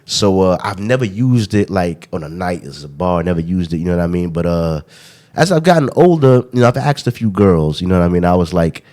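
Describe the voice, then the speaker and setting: A man's voice: low-pitched, lively intonation, brisk, mellow. A young adult man hosting a podcast, talking in a slangy, rambling way and tagging lines with "you know what I mean". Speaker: podcast host. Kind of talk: casual podcast chat.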